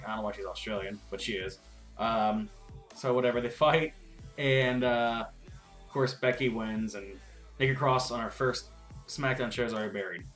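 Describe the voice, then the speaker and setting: A man's voice: fairly low pitch, normal speed, fairly bright tone, soft background music. Swearing, rambling man ranting casually. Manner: profane, rambling, frustrated asides. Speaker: wrestling vlogger. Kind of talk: casual recap rant.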